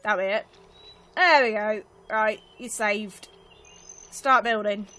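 A woman chatting through a video game, self-mocking, with sudden excited cries. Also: mid-range voice, slow, faint music behind. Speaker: let's play gamer. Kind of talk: casual gameplay commentary.

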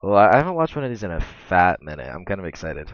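A man reacting to meme videos as a streamer, excitable and cursing often, bursting into laughter. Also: sits low, racing, dry recording. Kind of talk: casual reaction commentary. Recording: dull lo-fi mic.

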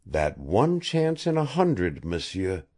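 A man's voice: low voice, huge pitch swings, slow, warm tone, exaggerated voice. A man doing a grim French-accented guide. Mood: solemn. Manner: grim, sarcastic, solemn warnings.

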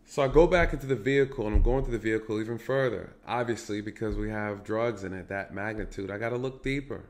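A man's voice: fairly low pitch, quick pace, few pauses. A man recounting police work in casual storytelling straight to viewers, repeating phrases for emphasis.

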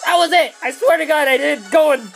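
A young man doing excitable gameplay commentary, swearing a lot and shouting in glee. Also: very high-pitched, fairly quick, creaky, soft background music. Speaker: let's play commentator.

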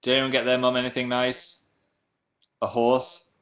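Bright-voiced man chatting playfully. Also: medium pitch, moderate pace. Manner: chatty, playful, reads viewer comments aloud. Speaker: livestream host. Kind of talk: casual livestream chat.

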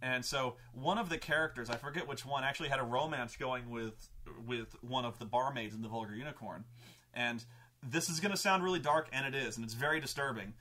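A man hosting a show, animated and profane, telling a story about running a tabletop game and laughing often. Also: mid-range voice, fairly quick. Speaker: show host recounting his game mastering. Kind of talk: casual storytelling.

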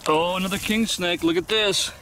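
A man's voice: high-pitched, moderate pace, far from the mic, background noise. A man filming outdoors as he searches, talking through his finds in an easygoing, enthusiastic way, thinking aloud with fillers. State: a little out of breath. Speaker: vlogger. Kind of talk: outdoor nature vlog narration. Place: outdoors on a hillside.

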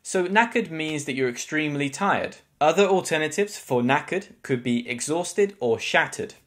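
A man with a British English accent teaches slang in a fairly high voice. He explains each word clearly and drops in wry, dry asides. The delivery is scripted and even. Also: moderate pace. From England.

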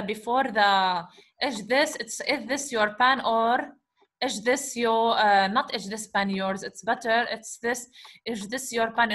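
A woman teaching a grammar lesson, explaining slowly, repeating examples and asking the class rhetorical questions. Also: a little high, pushed and bright. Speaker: Arabic teacher.

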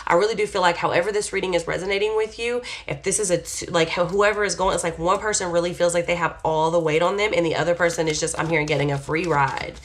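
A woman's voice: lowish voice, steady tone, fast, few pauses. A woman giving a rambling, casual tarot reading, blunt and candid, with sighs and laughter. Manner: chatty, rambling, swears casually. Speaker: tarot reader.

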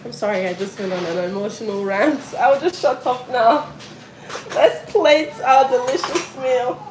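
A woman's voice: fairly high pitch, measured pace. Effusive woman on an echoey live stream. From Africa. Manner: effusive and emotional, calls out sharply to her children. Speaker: vlogger livestreaming while cooking. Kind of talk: casual live-stream chat. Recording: echoey room with noisy background.

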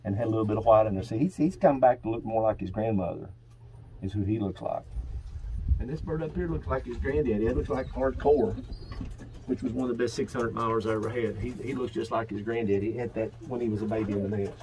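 Rambling older Kentucky man, mellow low voice. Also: quick pace, a little hiss or hum, low-quality recording. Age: 70s. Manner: rambling, repeats himself with many fillers. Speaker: pigeon breeder. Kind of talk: casual walkthrough. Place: pigeon loft. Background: pigeons cooing.

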